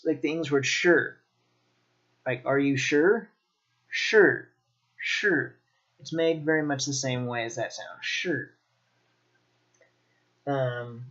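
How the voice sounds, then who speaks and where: A man teaching Mandarin pronunciation in a slow, demonstrative way, repeating each sound. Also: fairly high pitch, muffled recording. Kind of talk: pronunciation lesson.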